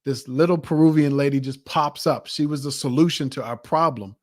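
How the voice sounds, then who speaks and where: A man coaching an audience, telling a personal travel story with animated, acted-out quotes. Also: a little high, fairly quick. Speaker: motivational coach. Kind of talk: motivational storytelling talk.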